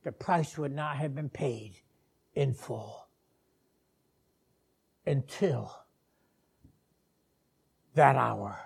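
A man preaching a sermon, dropping to hushed whispers and rising to shouted climaxes, with slow deliberate pauses. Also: medium pitch, vocal fry, husky.

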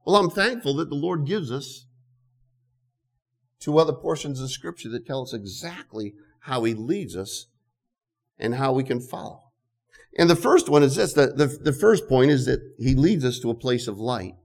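An older man preaching an earnest sermon, often repeating words and reading scripture slowly. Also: medium pitch, lively intonation, vocal fry. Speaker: pastor.

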